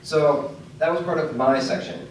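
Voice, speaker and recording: A man's voice: a little high, fairly even intonation, moderate pace, a little hiss or hum. A young man performing a stand-up comedy set, telling stories and acting out the dialogue, with the audience laughing along. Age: young adult. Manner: storytelling with acted-out dialogue, rising to shouts. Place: comedy club stage with live audience. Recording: distant mic in an echoey room.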